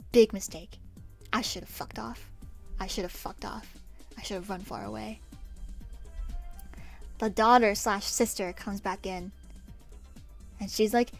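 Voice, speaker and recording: A woman's voice: medium pitch, a little slow, vocal fry, long pauses, soft background music. A young woman streamer telling a story in a chatty, self-mocking way, laughing often. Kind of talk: casual storytime while drawing.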